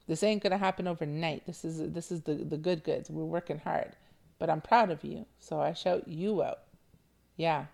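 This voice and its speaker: A woman's voice: fairly low pitch, vocal fry, a little mellow. A woman hosting a motivational podcast, playful and affectionate, coaxing her listeners with repeated check-ins. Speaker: podcast host.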